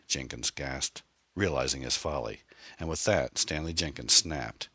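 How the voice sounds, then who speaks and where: A man narrates a mystery novel in a measured, dramatic reading. His voice sits very low with a bright, forceful tone, and the sound is close and dry. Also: slightly rough, no echo. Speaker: audiobook narrator. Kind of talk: scripted narration.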